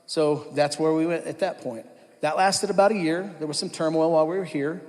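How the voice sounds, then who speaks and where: Man, church testimony, candid storytelling, slightly higher voice, reverberant hall. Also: fairly quick, darkish tone. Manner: candid storytelling, acts out his past self. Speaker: pastor giving his testimony.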